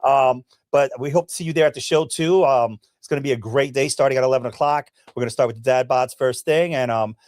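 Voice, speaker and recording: A man's voice: mid-range voice, fast, hardly any pauses, darkish tone, no room sound, studio quality. A man as a guest on a podcast, upbeat and promoting an event in casual chat with many fillers.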